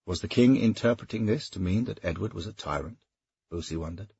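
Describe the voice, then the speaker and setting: A man narrating a historical novel in a steady, measured audiobook reading. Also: on the low side, vocal fry, slightly rough, dry recording, lo-fi sound.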